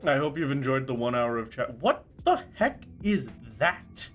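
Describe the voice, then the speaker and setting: A man streaming a game live, chatting casually with his viewers in a playful, excitable way. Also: mid-range voice, moderate pace, soft background music. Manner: playful and excitable, squealing and laughing at surprises. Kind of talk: casual livestream chat while gaming.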